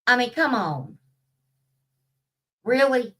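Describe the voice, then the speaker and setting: A woman's voice: a little high, big pitch swings, takes it slowly, fairly bright tone, far from the mic, low-quality recording. A woman, talking in a blunt, profane, casual vlog rant and laughing at her own stories. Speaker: vlogger. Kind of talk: casual ranting monologue.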